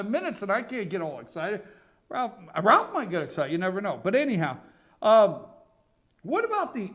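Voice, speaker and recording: A man hosting a morning talk show, ranting sarcastically and loudly about politics. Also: high-pitched. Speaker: radio talk show host. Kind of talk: political commentary monologue.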